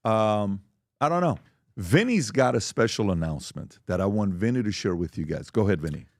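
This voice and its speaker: A man's voice: fairly low pitch, lively intonation, fairly quick, no echo, clean studio sound. A man hosting a podcast, talking casually and with enthusiasm as he plugs merchandise. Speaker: podcast host.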